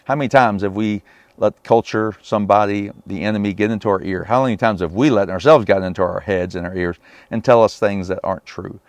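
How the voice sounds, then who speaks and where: A man's voice: fairly low pitch, brisk, no echo. Emphatic male preacher, dry close sound. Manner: emphatic, talks straight to listeners with rhetorical questions. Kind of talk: sermon on a Bible passage.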